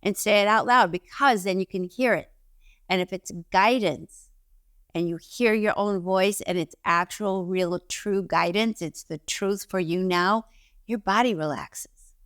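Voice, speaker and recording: A woman's voice: medium pitch, measured pace, fairly bright tone, smooth, no room sound, studio quality. A woman giving an instructional self-help talk to camera, emphatic, repeating key phrases and giving direct instructions. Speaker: intuition teacher.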